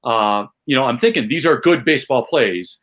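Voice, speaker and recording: A man from Chicago, a comedian, telling a fan memory in casual chat with rising excitement and self-mocking asides. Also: mid-range voice, normal speed. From Chicago, USA. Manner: animated, builds tension, self-mocking. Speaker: podcast guest, comedian.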